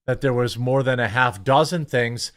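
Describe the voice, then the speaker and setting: A man hosting casual political commentary, talking in an animated, sarcastic way with lots of fillers. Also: medium pitch, moderate pace, clean tone. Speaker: political commentator, channel host.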